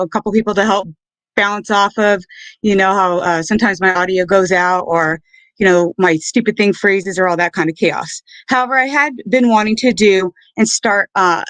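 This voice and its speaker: A woman's voice: medium pitch, a bit bright, no room sound, low-quality recording. A woman hosting her first solo podcast stream, talking earnestly with many fillers and restarts, sounding choked up. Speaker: podcast host. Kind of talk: solo livestream talk.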